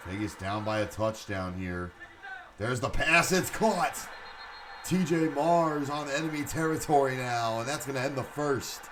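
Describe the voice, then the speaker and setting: A man giving live play-by-play commentary on a game stream, excitable, with chatty asides. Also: medium pitch, measured pace, noisy background. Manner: excitable, rises to shouts on big plays, chatty asides.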